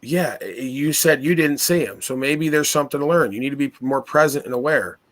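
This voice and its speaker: In a casual conversation about philosophy, a self-assured man lectures with authority and piles on rhetorical questions. His voice is medium in pitch, brisk, and slightly bright.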